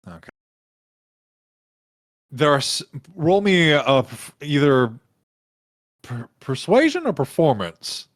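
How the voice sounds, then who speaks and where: A man narrating a tabletop game as game master in casual, animated talk with many fillers. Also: a little high, slow, long pauses, dry recording, clean studio sound.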